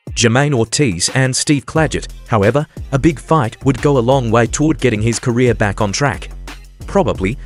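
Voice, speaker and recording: A man narrates sports news in a steady, matter-of-fact reading. His voice sits at an ordinary middle pitch. Soft music plays faintly under him. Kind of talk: scripted narration. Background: faint background music.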